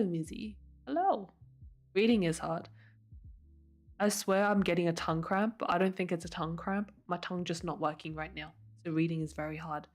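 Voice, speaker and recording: Low-voiced woman streamer. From Sydney, Australia. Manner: friendly, greets viewers one by one. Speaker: livestream host. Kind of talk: casual livestream chat and reading a story aloud.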